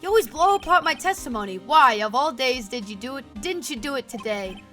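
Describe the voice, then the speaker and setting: Woman playing a hapless high-voiced game detective, blustery and flustered. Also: expressive, a little fast, bright, forceful tone, faint music behind. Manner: blustery, stammering, ends lines with "pal". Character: bumbling loyal adult male police detective.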